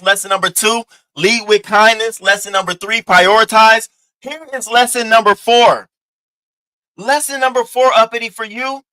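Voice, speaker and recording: A man's voice: high voice, bright, forceful tone, poor audio. A man giving blunt, profane, mocking reaction commentary, lecturing his viewer in AAVE. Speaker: commentary host.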